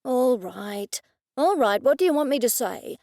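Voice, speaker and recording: Narrator lady playing an aussie guy, blunt, grudging, kinda loud, dry booth sound. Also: extremely high pitch, lively intonation, a little slow, creaky, no room sound, heavily acted. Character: reluctant young Australian bloke, grumbling but game.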